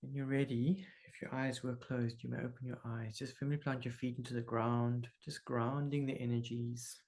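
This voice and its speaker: A man leading a group healing session, giving calm, slow, instructive guidance. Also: mid-range voice.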